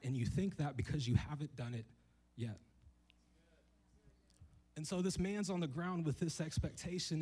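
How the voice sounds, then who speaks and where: Husky-voiced man preaching a sermon. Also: fairly high pitch, mellow, poor audio. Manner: conversational and joking, acting out the people in the story. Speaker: guest preacher. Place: church hall with a congregation.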